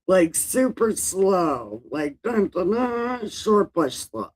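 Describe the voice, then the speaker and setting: A woman's voice: medium pitch, very animated, slow, a little mellow, husky, low-quality recording. A woman hosting a comic Bible reading, narrating casually with slangy asides. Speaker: host and reader.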